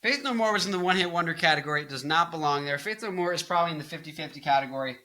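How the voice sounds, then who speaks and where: Brief: early-20s male rock singer vlogging late at night, tired, zany, bright forceful voice. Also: a little high, expressive, racing, poor audio. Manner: zany, bursts into loud off-key singing and mock anger. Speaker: rock singer and guitarist, channel host. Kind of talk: casual talking-head music commentary.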